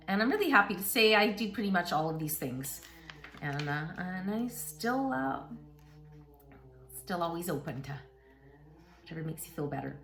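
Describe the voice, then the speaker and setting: A woman's voice: on the low side, very animated, moderate pace, pauses often, fairly bright tone. A middle-aged woman hosting a casual book talk, chatting and reading passages aloud in an encouraging way with asides to her listeners.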